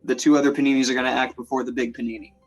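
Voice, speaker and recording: A man's voice: medium pitch, little pitch movement, rapid-fire, highs cut off, faint music behind. A man running a tabletop game as game master, narrating in a playful, chatty way with lots of fillers.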